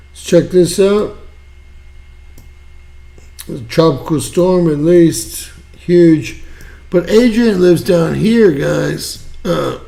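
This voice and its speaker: Slow, folksy man with a high voice. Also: gravelly, dark tone. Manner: folksy, rambling, repeats himself. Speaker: host of an online news show. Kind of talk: casual weather commentary over a map.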